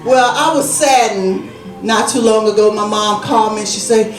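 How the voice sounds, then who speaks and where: A woman doing stand-up comedy, telling family stories in an animated way and acting out her relatives' voices. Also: medium pitch, moderate pace. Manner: animated, acts out family voices, Southern Black vernacular. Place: small comedy club stage. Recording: echoey room, distant, faint music.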